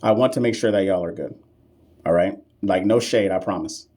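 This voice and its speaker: A man's voice: low-pitched, normal speed, mellow, husky. A man runs a live-stream lesson on nursing exam questions. He is sassy and playful, answers viewers' comments directly, and leans on slang and emphatic repetition to drive points home. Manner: sassy, playful, talks back to chat.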